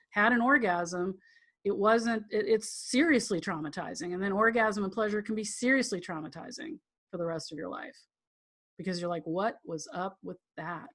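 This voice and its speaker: A woman's voice: medium pitch, fairly bright tone. Chatty woman teaching a tantra class. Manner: chatty, rambling, acts out quotes with laughs. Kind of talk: live online class teaching.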